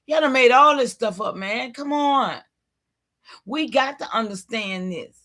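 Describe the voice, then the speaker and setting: A middle-aged woman hosting a livestream, talking in a preachy way and calling out to her viewers, with a tickle in her throat that makes her clear it often. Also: a little high, measured pace, sharp tone. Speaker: livestream host. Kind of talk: casual livestream talk.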